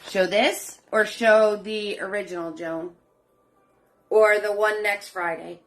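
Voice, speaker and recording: Her medium-pitched voice is steady, slow and fairly bright as she, a middle-aged woman, teaches painting live online. She greets viewers by name, calls them sweetheart and hun, and chats encouragingly while faint music plays.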